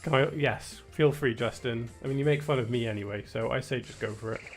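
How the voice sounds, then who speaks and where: A man's voice: mid-range voice, brisk. A young British man rambling wryly in casual gameplay commentary, with lots of filler words. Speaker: streamer. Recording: faint game music behind. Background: faint game music.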